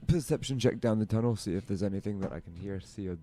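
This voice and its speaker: A man's voice: fairly low pitch, quick pace, dark tone, soft background music. A man playing a tabletop game, talking bluntly and practically. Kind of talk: casual play at the table.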